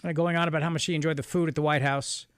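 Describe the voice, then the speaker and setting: A man's voice: on the high side, little pitch movement, racing, fairly bright tone, clear, resonant tone, no echo, studio quality. A man hosting a talk radio show, bantering casually and joking, laughing often.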